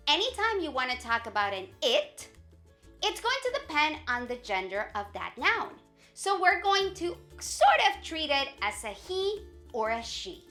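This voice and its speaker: A Colombian woman who is a native Spanish speaker, teaching a friendly video lesson and repeating words slowly to model them. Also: sits high. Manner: lively, encouraging, slow modelled repetition.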